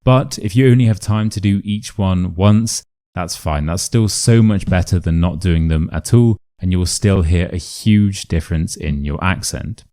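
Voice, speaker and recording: A man with a Modern RP British accent teaching a pronunciation lesson, speaking clearly and with careful enunciation in an upbeat coaching manner. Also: low-pitched, normal speed, dark tone.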